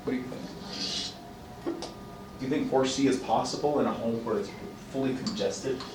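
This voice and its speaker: A man's voice: medium pitch, normal speed. A man teaching a college class, reading items from a list and explaining them with acted-out examples. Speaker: college instructor. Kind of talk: classroom lecture. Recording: echoey room, mic at a distance, faint background noise.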